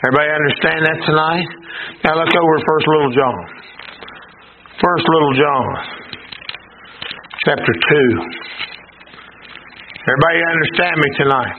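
Older preacher on a tinny line. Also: male voice, on the high side, fairly even intonation, moderate pace, pauses often, background noise. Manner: call-and-response, rising to impassioned shouts. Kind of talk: sermon. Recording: tinny phone-like recording.

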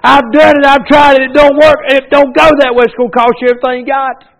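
A male preacher from North Carolina with a Southern accent, giving a fervent sermon and altar call that swings from loud exhortation to a hushed plea. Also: extremely high pitch, level tone, quick pace, gravelly, low-quality recording. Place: church service.

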